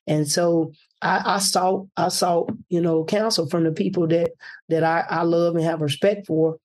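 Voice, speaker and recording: A man, a political candidate telling a personal story in an animated way and acting out the voices he quotes. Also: on the high side, moderate pace.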